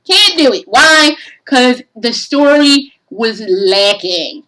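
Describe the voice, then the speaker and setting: A woman's voice: high-pitched, animated, slow pace, sharp tone, low-quality recording. A woman giving a casual game review, profane and exasperated, ranting animatedly.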